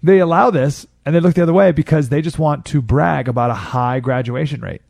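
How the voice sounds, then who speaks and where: A man's voice: a little high, brisk, creaky, a little mellow, no echo, studio quality. A man hosting a talk radio show, delivering an opinionated monologue with sarcastic, incredulous jabs and laughter.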